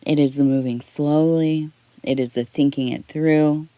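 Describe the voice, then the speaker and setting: A middle-aged woman giving a soft-spoken ASMR tea leaf reading, rambling and talking in circles, close to the mic. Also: low voice, fairly even intonation, measured pace, no echo, highs cut off. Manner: rambling, talks in circles with restarts.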